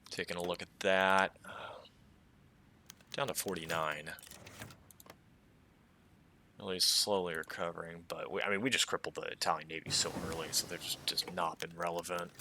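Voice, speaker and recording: An American man casually commenting on a strategy game as he plays, thinking aloud in a relaxed, chatty way. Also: low-pitched, a little hiss or hum. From United States. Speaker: strategy game let's player.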